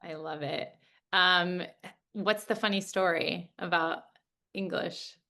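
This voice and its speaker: A woman's voice: on the low side, fairly even intonation, slow pace, vocal fry, pushed and bright. A woman hosting a casual interview, asking questions and encouraging her guest. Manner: encouraging, laughs along. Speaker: podcast host.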